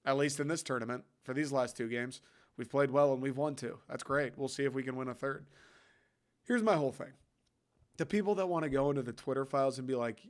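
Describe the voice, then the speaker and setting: A man's voice: medium pitch, moderate pace. A man hosting a sports show, ranting bluntly and with plenty of swearing, mocking critics with quoted voices. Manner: blunt, profane, mocks critics in put-on voices. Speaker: sports podcast host. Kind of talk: opinionated sports rant.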